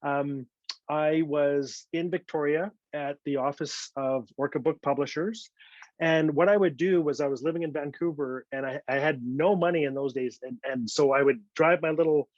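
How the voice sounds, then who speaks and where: Animated man telling a story, dull dry sound. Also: a little high, normal speed, no room sound. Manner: animated, acts out other people's voices in quotes. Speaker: invited author telling a story. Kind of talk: storytelling talk.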